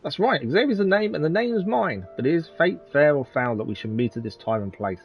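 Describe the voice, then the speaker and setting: A man's voice: fairly high pitch, lively intonation, fairly quick, muffled recording, soft background music, voice pushed up. A man reading aloud the lines of a fussy, long-winded male scholar from a game, in a pompous, wordy manner. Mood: theatrical.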